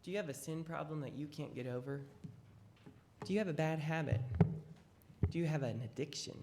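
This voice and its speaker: A children's lesson teacher tells a Bible story with dramatic emphasis. The voice sits at a middle pitch and rises and falls widely. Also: a little fast, a little mellow, a little hiss or hum.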